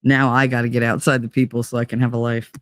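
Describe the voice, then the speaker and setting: A woman's voice: rumbling low, flat delivery, fast, no room sound. A woman, hosting a podcast and telling a rambling, profane story, laughing as she goes. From New Jersey. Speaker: podcast host. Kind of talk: casual storytelling chat.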